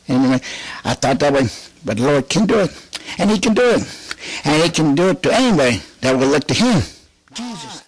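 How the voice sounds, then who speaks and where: A man with a fairly high voice delivers a fervent religious testimony, breaking into laughter between phrases. He repeats his key lines again and again, pushing harder each time, and the recording is close and dry with no room sound. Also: sing-song, brisk, pauses often, breathy edge, dry recording. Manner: repeats phrases with rising emphasis.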